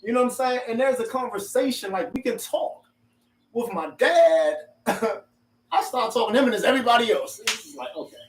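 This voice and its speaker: A man with a high, light voice leads a casual group conversation, laughing easily and pressing his points with emphasis. He sits back from the microphone, so the room rings around him. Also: moderate pace, distant mic. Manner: laughs often, animated and emphatic. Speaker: discussion host. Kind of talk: group discussion. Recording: roomy sound from off-mic.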